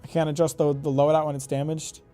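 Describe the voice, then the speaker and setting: A man's voice: on the high side, flat delivery, fast talker, dark tone, soft background music. A man streaming a game, rambling, joking and swearing as he thinks aloud. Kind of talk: casual live-stream gaming commentary.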